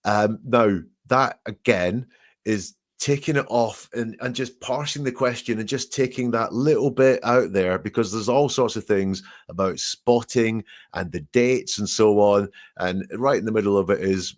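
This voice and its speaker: A man's voice: lowish voice, unhurried. A man working as a statement analysis expert, reading quoted testimony aloud and picking apart the word choices in analytical commentary.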